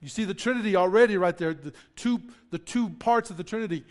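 A man preaching a sermon, swinging from loud emphatic declarations to low explanations, often repeating himself and putting questions to the congregation. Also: fast, few pauses. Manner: repeats words and restarts, asks the congregation questions. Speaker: pastor.

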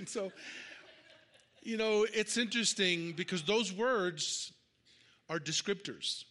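Bright-voiced middle-aged man preaching. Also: high-pitched, takes it slowly, long pauses. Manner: conversational, many fillers and repeated starts, calls for amens. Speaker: pastor. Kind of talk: sermon with personal story.

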